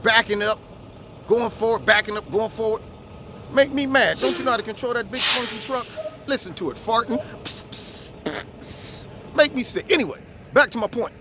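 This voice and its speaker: High-voiced man ranting outdoors. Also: a little fast, slight background noise. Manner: animated, preachy, repetitive. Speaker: vlog host. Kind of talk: political commentary monologue. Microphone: camera recording himself.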